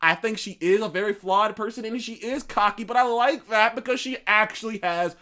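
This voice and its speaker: A man's voice: sits high, a little fast, few pauses, sharp tone. A man hosting his own show, giving opinionated, profane movie commentary, ranting and repeating himself. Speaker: show host.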